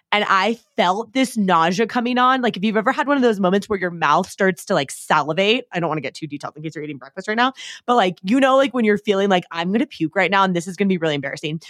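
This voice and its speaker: A woman's voice: mid-range voice, fairly bright tone, no room sound, clean studio sound. A pregnant young woman co-hosting a podcast, chatting in a bubbly, gushing way full of fillers. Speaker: podcast co-host. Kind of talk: casual chat.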